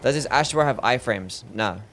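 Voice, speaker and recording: There's a little hiss or hum as a young Australian man with a mid-range voice, speaking at a moderate pace, chats on a casual gaming stream. Relaxed and mumbly, he responds to chat and often lets sentences fade into an unsure "I don't know."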